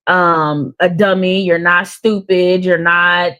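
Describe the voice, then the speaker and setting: A woman co-hosting a casual faith-based talk show, speaking, naturally loud and animated, laughing easily. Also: on the low side, slow pace, poor audio. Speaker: podcast co-host.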